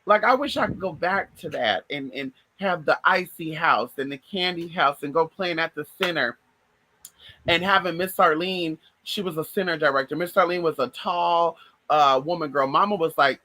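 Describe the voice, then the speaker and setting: A woman's voice: fairly low pitch, moderate pace, sharp tone, dry recording, low-quality recording. A woman vlogger chatting casually to her viewers, swearing freely and calling them y'all and girl. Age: adult. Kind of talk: casual storytelling chat.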